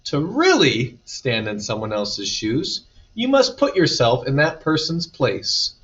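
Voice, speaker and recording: A man's voice: medium pitch, slow, exaggerated voice. A man voicing a kind, wise woman teacher in a storybook read-aloud, giving patient advice. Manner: calm, patient advising. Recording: dull distant recording.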